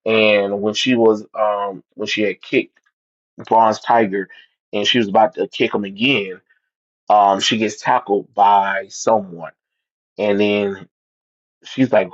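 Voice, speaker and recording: A man casually recapping a comic book story, halting often with ums and restarts. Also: fairly low pitch, steady tone, muffled recording.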